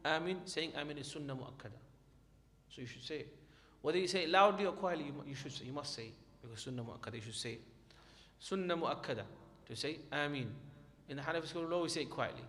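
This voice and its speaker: A man's voice: a little high, quick pace, fairly bright tone. A man teaching a class on prayer, explaining each point and reading from a textbook in a reassuring way. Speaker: Islamic studies teacher. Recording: long hall reverb, faint background noise.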